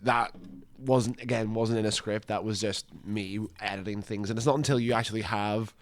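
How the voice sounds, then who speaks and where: A man's voice: fairly low pitch, fairly even intonation, moderate pace, dry recording. A young man co-hosting a casual commentary podcast, rambling and joking, often slipping into silly voices. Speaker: podcast co-host.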